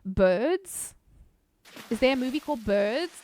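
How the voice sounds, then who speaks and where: Woman streamer, slightly high voice, loose casual chat with viewers, lots of swearing. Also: animated, a little slow, no room sound. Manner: chatty, swears freely, laughs often. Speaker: game streamer.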